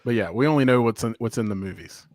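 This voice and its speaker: Upbeat, joking podcast co-host. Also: male voice, medium pitch, animated, fast talker, darkish tone, a little hiss or hum. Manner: enthusiastic and joking. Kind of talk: casual chat.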